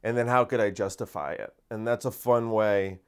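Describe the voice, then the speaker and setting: A man hosting a casual solo podcast, talking in a rambling, energetic way and dropping into deadpan mock voices. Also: fairly low pitch, normal speed, clear, resonant tone. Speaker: podcast host and comedian.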